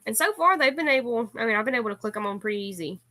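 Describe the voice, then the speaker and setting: A woman co-hosting a casual live chat, trading quick jokes about crafts. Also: fairly high pitch, expressive, sharp tone. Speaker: co-host.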